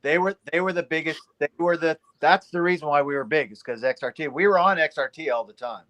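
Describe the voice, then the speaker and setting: A man musician chatting casually, halting with restarts as he remembers. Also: on the high side, fairly bright tone. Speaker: guest, musician. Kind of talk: casual chat.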